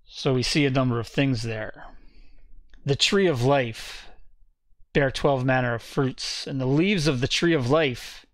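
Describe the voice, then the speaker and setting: A man's voice: medium pitch, a little slow, dry recording. A man teaching a Bible study in a conversational, explanatory way, often correcting himself as he goes.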